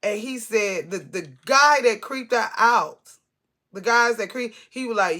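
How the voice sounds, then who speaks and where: Bright-voiced woman telling a story. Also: mid-range voice, animated, unhurried. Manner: rambling, profane, many restarts. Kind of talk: casual storytime vlog.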